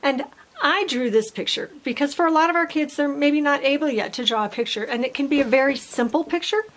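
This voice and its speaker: A middle-aged woman speech teacher giving parents a patient step-by-step tutorial, modeling simple sentences slowly. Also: high-pitched, a bit bright, rough recording.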